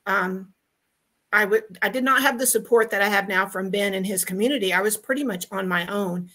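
A woman's voice: mid-range voice, a little fast, bright, forceful tone. A woman from Texas calling in to a podcast over video, giving a heartfelt, grateful testimonial with many ums and restarts. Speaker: guest caller.

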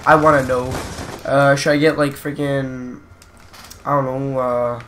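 A man's voice: medium pitch, level tone, unhurried, a bit bright, a little hiss or hum. A man giving casual gameplay commentary who rambles between topics and grows frustrated, swearing at the game. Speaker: gaming channel host.

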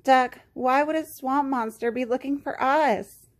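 A woman's voice: high-pitched, unhurried, pitched above the performer's own voice. A woman voicing a timid male goose in a superhero cape, speaking nervously. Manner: nervous, anxious.

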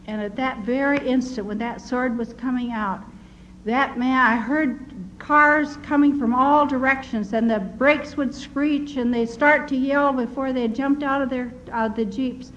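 An older woman giving an earnest personal testimony, telling her story in a measured way with restarts. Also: high-pitched, steady tone, fairly bright tone. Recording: dull lo-fi recording with faint noise.

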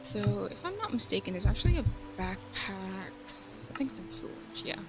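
A woman's voice: mid-range voice, big pitch swings, moderate pace, over music. A woman giving casual gameplay commentary, chatty and thinking aloud, joking at herself. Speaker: let's play host.

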